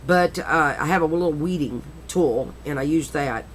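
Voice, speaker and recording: A middle-aged woman with a deep voice chats casually at a moderate pace while flipping through her handmade craft journal. She rambles a little and often corrects herself, with slight background noise behind her.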